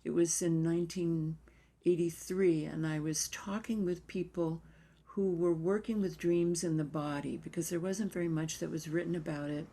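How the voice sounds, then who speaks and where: An older woman talks in an interview with a reflective, unhurried manner. Her voice sits a little low for a woman. Now and then it softens into a near whisper. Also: fairly even intonation. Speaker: dance therapist.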